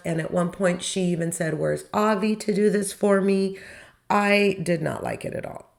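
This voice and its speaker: A woman with a lower voice hosts her own podcast, walking through episodes in a relaxed, chatty way. She drops wry opinions and poses rhetorical questions to her listeners. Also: gravelly. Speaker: podcast host. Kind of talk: casual recap commentary.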